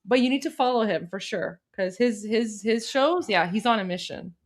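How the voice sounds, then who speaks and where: A woman's voice: medium pitch, expressive, moderate pace. A woman from Iran co-hosting a live stream, chatting casually with many fillers and restarts.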